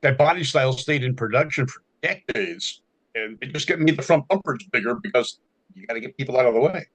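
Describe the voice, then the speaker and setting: A man's voice: mid-range voice, a little fast, a bit bright, poor audio. A man co-hosting a podcast, friendly and prompting the guest with questions. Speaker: podcast co-host. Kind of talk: casual podcast chat.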